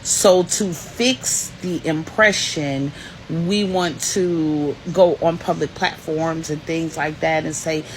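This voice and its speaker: A woman's voice: low voice, fairly even intonation, slow pace, slight background noise, low-quality recording. A woman hosting a podcast, giving an emphatic personal motivational talk, repeating key lines for emphasis and addressing the listener directly. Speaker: podcast host.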